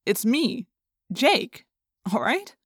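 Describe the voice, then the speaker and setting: A woman's voice: a little high, big pitch swings, drawn-out words, slightly rough, dry recording, studio quality, voice pushed up, full character voice. A woman voicing a teenage boy controlled by a parasite who insists he is fine, in an insistent, pleading manner. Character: teen boy possessed by a parasite, faking innocence. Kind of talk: audiobook character reading.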